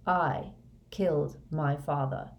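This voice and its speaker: Woman voicing a flat-toned young dark wizard. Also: low-pitched, takes it slowly, voice pushed down. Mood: confessing. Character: fanatical young male dark wizard confessing.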